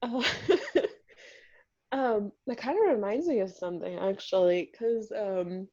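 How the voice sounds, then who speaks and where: Woman from the United States, podcast co-host, slow hesitant chat, mellow warm tone, dull lo-fi mic. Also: medium pitch. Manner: slow, relaxed, hesitant with fillers. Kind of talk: casual chat. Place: home recording. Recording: muffled lo-fi mic.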